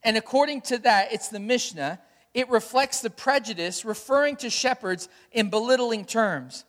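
A man's voice: extremely high pitch, moderate pace. A man preaching a sermon as a pastor, telling stories and asking the congregation questions. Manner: storytelling, animated, asks the congregation questions. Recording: long hall reverb.

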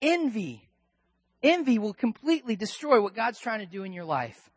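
A male pastor preaches in a loose, conversational style, sinking into quiet asides before surging into loud, emphatic bursts. His voice is high-pitched and slightly rough, with wide pitch swings at a normal speed. The recording is dry and close, with no room echo.

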